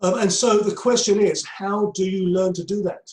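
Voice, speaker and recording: A man's voice: high voice, fairly even intonation, moderate pace. Man lecturing in an echoey room. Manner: conversational, repeats himself, many ums. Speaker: crisis management trainer. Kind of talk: lecture to a group.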